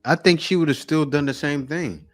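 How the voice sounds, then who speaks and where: A man's voice: on the high side, normal speed. A man hosting a reaction video, giving casual, opinionated commentary. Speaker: reaction host.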